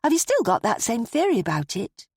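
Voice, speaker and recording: A woman voicing a kind, practical young woman who speaks gently and sympathetically with a light playful touch. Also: fairly high pitch, wildly swooping pitch, a little fast, slightly rough, no echo, clean studio sound, pitched above the performer's own voice, heavily acted. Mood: gentle.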